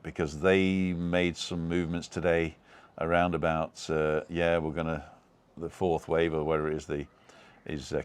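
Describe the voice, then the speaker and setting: A British man hosts a live stream from home, reading viewer comments aloud and chatting in a loose, rambling way. His voice sits very low, and he leans on fillers and false starts. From United Kingdom.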